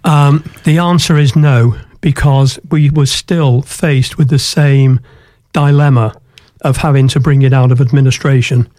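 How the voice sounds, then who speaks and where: An older Englishman tells his story earnestly, pausing on ums and restarting his sentences. His voice is dark and mellow. It is recorded dry and close. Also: mid-range voice, fairly even intonation, dry recording. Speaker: guest, former football club chairman. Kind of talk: radio interview storytelling.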